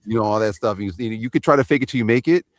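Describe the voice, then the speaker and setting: Low voiced guy from east LA, laid back slangy panel talk, lots of you know what i'm saying, dry sound. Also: quick pace, dry recording. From East Los Angeles. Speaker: voice actor panelist. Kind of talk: panel discussion.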